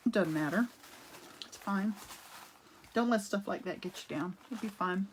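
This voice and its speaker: Woman, casual live craft demo, chatty, rambling, cough drop in mouth, mid-range pitch, home art studio. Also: normal speed, long pauses, a little hiss or hum, poor audio. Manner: chatty, greets viewers by name mid-demo; rambling, with frequent restarts and asides. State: talking around a cough drop.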